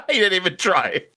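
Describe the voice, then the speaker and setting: A man's voice: sits high, sharp tone. A young man chatting casually and profanely while livestreaming. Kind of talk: casual live-stream chat.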